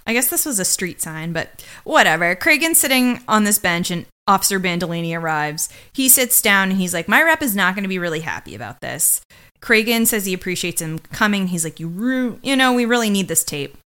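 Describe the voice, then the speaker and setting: A woman's voice: medium pitch, fairly quick, hardly any pauses, smooth. A woman co-hosting a podcast, casually recapping a TV episode with jokey asides and mocking impressions. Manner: animated, jokey, quotes characters in mocking voices. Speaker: podcast co-host.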